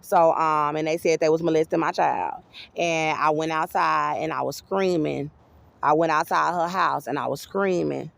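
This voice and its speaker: A woman's voice: deep voice, steady tone, normal speed, creaky, no room sound. A woman giving an agitated, rambling personal monologue to camera, swearing freely. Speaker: vlogger.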